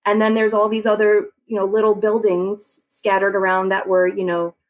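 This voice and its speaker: A Long Island, New York woman in her forties is a guest on a podcast, chatting casually in an interview with easy laughter and lots of fillers. Her medium-pitched voice is fairly flat and moderately paced, and the audio quality is poor.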